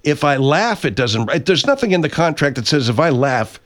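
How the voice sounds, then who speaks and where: A man's voice: on the high side, big pitch swings, normal speed, fairly bright tone. An actor playing a stuffed-up, profane voice-over performer who argues, stammers and keeps insisting he isn't laughing, in a comic radio bit. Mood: defensive. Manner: argumentative, stammering restarts, profane. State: stuffed-up nose. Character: defensive middle-aged man recording voice-over, insisting he isn't laughing. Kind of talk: comic radio character acting.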